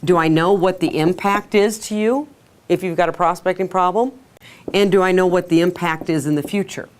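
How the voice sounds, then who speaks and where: A woman teaching a sales workshop to a live audience, energetic, asking the room questions and acting out quotes. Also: on the low side, normal speed, slight background noise. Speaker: sales trainer. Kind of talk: workshop lecture.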